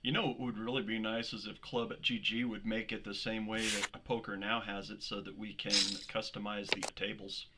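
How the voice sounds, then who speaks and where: A man's voice: lowish voice, moderate pace, few pauses. Chatty man commentating a poker stream. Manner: relaxed, chatty, laughs often. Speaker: co-host of an online poker stream. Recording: noisy stream audio.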